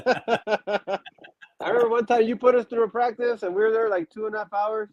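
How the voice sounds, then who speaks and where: A man's voice: high voice, fairly even intonation, moderate pace, dry recording, lo-fi sound. A man in a casual interview, telling stories with many restarts and fillers and acting out quotes. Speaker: wrestler guest.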